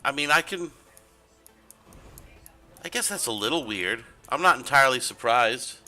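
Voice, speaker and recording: Bright-voiced, sarcastic male streamer. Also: medium pitch, animated, moderate pace, soft background music. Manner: rambling, profane, sarcastic. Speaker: game streamer. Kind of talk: casual gaming stream commentary.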